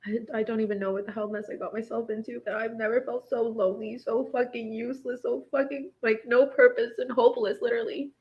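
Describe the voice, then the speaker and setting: A woman's voice: on the high side, little pitch movement, fast, few pauses, lo-fi sound. A woman in her twenties, speaking in a distraught, venting way in a personal vlog, filling her sentences with "like". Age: 20s. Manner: distraught, venting, heavy use of "like". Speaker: vlogger recounting her marriage.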